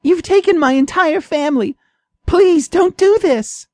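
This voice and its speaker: A woman voicing a small, timid female mouse who pleads in a high, trembling voice. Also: measured pace, a little mellow, dry recording, clean studio sound. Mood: pleading.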